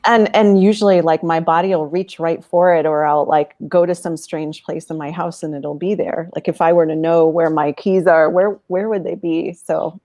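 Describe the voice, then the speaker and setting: A woman guest chatting casually on a livestream, enthusiastic and quick to laugh. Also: steady tone, mellow, no echo. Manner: enthusiastic, bursts into high laughter. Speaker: guest facilitator.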